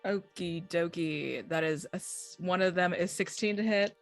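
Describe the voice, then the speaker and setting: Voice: mid-range voice, moderate pace, faint music behind. A player in a tabletop game counting dice and damage, a little flustered. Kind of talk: casual tabletop play.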